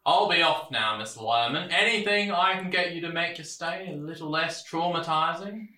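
A man's voice: fairly high pitch, normal speed, bright, forceful tone, roomy sound. A man playing a smug, folksy small-town sheriff who talks down to people, tacking on "eh?" and "lad" in an audio drama. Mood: condescending. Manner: patronizing, sing-song, tags lines with "eh?" and "lad".

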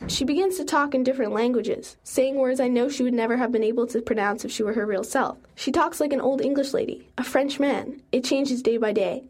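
A young adult woman reading a first-person story aloud in an earnest, steady way. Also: a little high. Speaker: narrator.

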